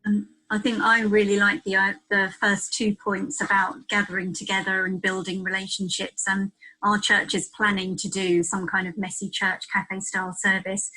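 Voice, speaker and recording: A woman from a church group sharing measured thoughts in a video call discussion. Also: mid-range voice, flat delivery, pushed and bright, low-quality recording. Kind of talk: casual chat.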